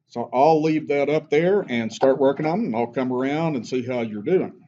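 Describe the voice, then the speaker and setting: A man's voice: medium pitch, normal speed, dark tone, highs cut off, a little hiss or hum. A man teaching a math class, patiently walking through steps and checking in with "okay?". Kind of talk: classroom lecture.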